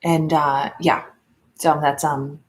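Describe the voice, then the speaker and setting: A woman hosting a casual podcast livestream, chatting loosely with lots of fillers and restarts, and quoting others in a mock higher voice. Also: flat delivery, slow pace, a little hiss or hum. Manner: rambling, many fillers and restarts. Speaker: podcast host.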